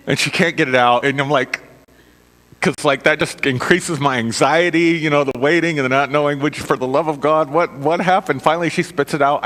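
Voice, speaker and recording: A man's voice: medium pitch, a little fast, fairly bright tone. A middle-aged man giving a conversational sermon built on personal stories, chatty and self-mocking, often checking in with his listeners. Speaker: minister. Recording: long reverb of a hall.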